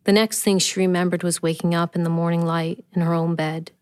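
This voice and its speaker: Measured woman reading her own story. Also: on the low side, flat delivery, clean tone, no echo, studio quality. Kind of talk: scripted narration.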